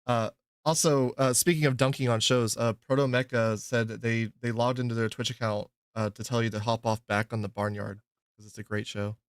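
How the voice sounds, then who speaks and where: Male podcast host, mid pitch, laid-back filler-heavy talk, dry close mic. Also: fairly even intonation, brisk, clear, resonant tone, dry recording. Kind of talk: casual chat.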